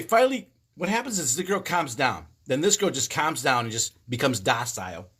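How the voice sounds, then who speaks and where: A man in his fifties chatting casually on a livestream, telling stories in a profane, animated way with frequent laughs. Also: fairly high pitch, fairly quick, hardly any pauses, breathy edge. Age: 50s. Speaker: livestream host. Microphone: phone.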